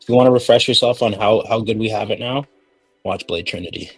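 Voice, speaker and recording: A man's voice: on the low side, quick pace, vocal fry, slightly rough, soft background music. A man hosting a casual chat, rambling and joking through tangents.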